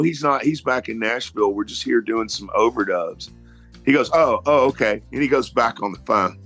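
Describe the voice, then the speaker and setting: Salty-tongued man spinning a rock anecdote. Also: mid-range voice. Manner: animated storyteller, salty language. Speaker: guitarist telling a story. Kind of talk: casual anecdote.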